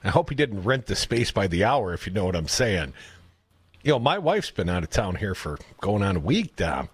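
A man's voice: fairly low pitch, moderate pace, breathy edge, no echo. A man co-hosting a radio talk show, joking sardonically through political banter from a studio microphone. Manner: sardonic, jokey, animated. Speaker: radio co-host.

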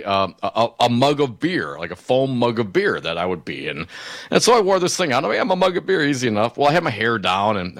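Low-voiced rambling radio co-host. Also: male voice, a bit bright, no room sound, studio quality. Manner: rambling storyteller with many fillers and restarts. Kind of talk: casual on-air banter.

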